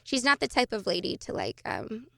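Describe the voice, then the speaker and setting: A woman's voice: on the high side, lively intonation, normal speed, creaky, fairly bright tone, dry recording, clean studio sound. A young adult woman, a podcast guest, talking casually and animatedly with frequent laughter and fillers.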